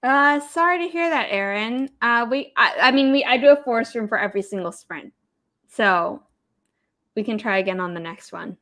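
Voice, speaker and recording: A woman's voice: on the high side, expressive, moderate pace, a bit bright. A young woman hosting a casual livestream writing session, chatting and answering viewer comments. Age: young adult. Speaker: livestream host, author.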